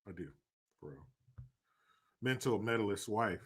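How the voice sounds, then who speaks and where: A man's voice: fairly low pitch, lively intonation, unhurried, slightly rough. A man hosting a livestream, joking crudely, laughing often and reading out viewer donations in casual commentary. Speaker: livestream host.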